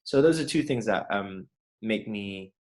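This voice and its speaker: A lowish-voiced young man talks on a video call. He recounts his own experiences in a lively storytelling manner, switching into the voices of the people in his anecdote. The delivery is conversational and candid. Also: unhurried. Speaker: guest panelist.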